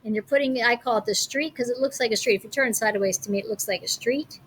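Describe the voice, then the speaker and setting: A woman teacher reading a picture book aloud and leading a lesson, chatty and animated. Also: a little high, breathy edge. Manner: chatty and animated, slows down to read alliterative lines.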